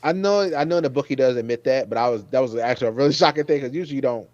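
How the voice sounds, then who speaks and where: A man hosting a casual review chat, rambling and getting animated when he recalls his own reactions. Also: medium pitch, rapid-fire, dry recording, highs cut off. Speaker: podcast host.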